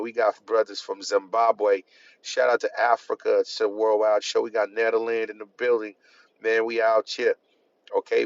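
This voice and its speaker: A man hosting a live stream, calling out viewers' hometowns with casual slang shout-outs. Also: on the low side, gravelly. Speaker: host. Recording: lo-fi dull sound.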